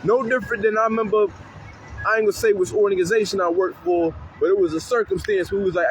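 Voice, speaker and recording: A youth worker talks on a city street corner in a high, animated voice, swearing freely and acting out the kids he works with. Faint traffic hums outdoors behind him. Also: fast talker, low-quality recording. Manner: animated, profane, acts out kids' voices. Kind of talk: street interview talk.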